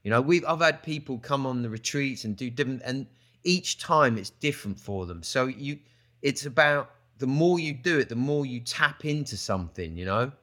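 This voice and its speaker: A man chatting in an interview, rambling and restarting his sentences, dropping "mate" and "you know" every few lines. His voice sits at an ordinary middle pitch. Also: lively intonation, normal speed, fairly bright tone. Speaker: retreat founder, guest. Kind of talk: casual conversational interview.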